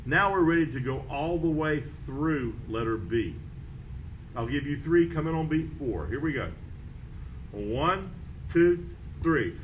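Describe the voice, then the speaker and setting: A man teaching a beginner trumpet lesson, calling out note names and counting beats in a steady, patient way. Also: fairly high pitch, normal speed, dull audio, a little hiss or hum. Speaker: music teacher. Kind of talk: band method lesson.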